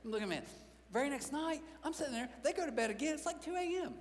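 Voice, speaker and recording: A middle-aged man preaches a sermon in a high, bright voice, moving easily between teaching and funny stories about his own life. He acts out the quoted lines and pokes fun at himself. His voice carries a long reverb from a large church hall. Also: racing. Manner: animated storytelling with voiced quotes and self-mocking humor. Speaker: pastor.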